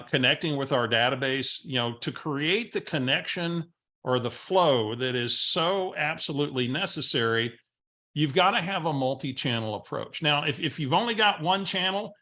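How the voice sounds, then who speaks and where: A man's voice: medium pitch, sharp tone. A man presenting a coaching webinar as host, telling stories energetically with frequent filler sounds. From San Antonio area, Texas.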